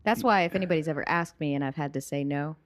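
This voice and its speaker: A woman hosting a podcast in casual chat, rambling and quick to laugh. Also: sits low, no echo. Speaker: podcast host.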